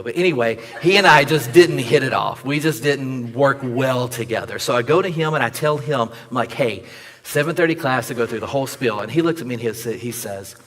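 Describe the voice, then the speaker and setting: A young man preaching a sermon as the pastor, telling a personal story in a lively way, acting out both sides of a conversation and joking with the congregation. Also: mid-range voice, in a large hall. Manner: animated storyteller acting out dialogue, jokes with the audience. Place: church sanctuary.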